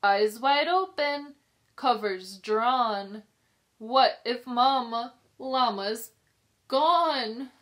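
Slow, bright-voiced woman teacher reading aloud. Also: on the high side. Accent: New York. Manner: slow, sing-song, expressive reading with questions to children. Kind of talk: children's storybook read-aloud.

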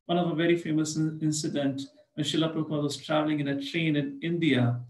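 A man's voice: a little high, steady tone, quick pace. A man lecturing on scripture, telling stories and acting out the characters. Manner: storytelling, acts out characters. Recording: echoey room.

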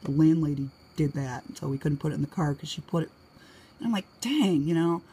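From her home, a middle-aged New England woman with a dark, slightly rough tone speaks fast with fairly even intonation. Her vlog is full of casual, wandering personal anecdotes, frequent laughter, and quoted lines acted out in a higher pitch.

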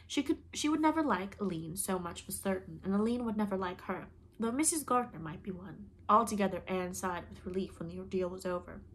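A woman narrating an audiobook in a measured, expressive reading. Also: medium pitch, a little hiss or hum. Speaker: audiobook reader.

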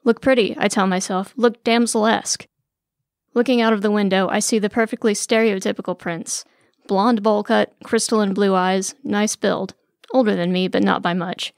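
A woman reads a first-person story in a wry, weary, sardonic voice. Her voice sits in an ordinary middle range with a gravelly fry. The sound is close and dry, with no room around it. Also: medium pitch, steady tone, moderate pace, no echo. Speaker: narrator.

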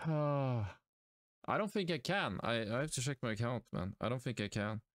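A man's voice: medium pitch, very animated, a little fast, a bit bright, no echo. A young man from Sweden with a Swedish accent, streaming a game live and talking to himself and his chat in an exasperated, self-mocking way. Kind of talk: live gaming stream commentary.

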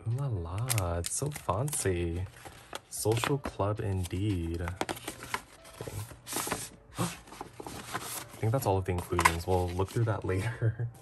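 A man narrating a casual unboxing vlog, excitable and gasping often. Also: deep voice, heavy background noise. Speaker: vlogger.

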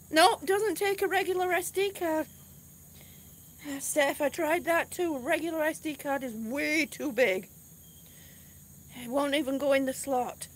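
A woman's voice: high voice, slow, long pauses. A middle-aged woman vlogging outdoors in casual live-stream chat, chatty and a little exasperated, with sighs. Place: outdoors on grass. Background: crickets and passing cars.

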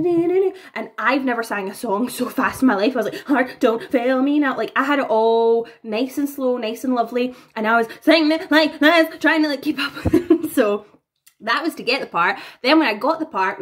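A young woman in her twenties with a somewhat high voice tells anecdotes straight to her camera. She is chatty and animated, and laughs easily between stories. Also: husky. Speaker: vlogger. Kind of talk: casual storytelling to camera. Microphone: own camera.

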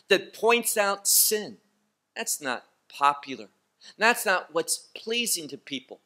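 A man teaching a bible study, speaking slowly and emphatically, repeating phrases to drive his points home. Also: fairly high pitch, sharp tone. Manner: slow, emphatic, with pointed repetition.

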